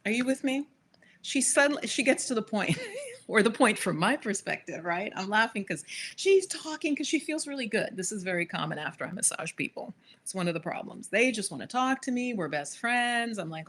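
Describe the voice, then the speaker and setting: A woman's voice: medium pitch, animated, moderate pace, fairly bright tone. Woman host, casual storyteller, talks directly to her live-stream audience. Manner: chatty, addresses viewers directly with frequent asides. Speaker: spiritual manifestation coach hosting a live stream.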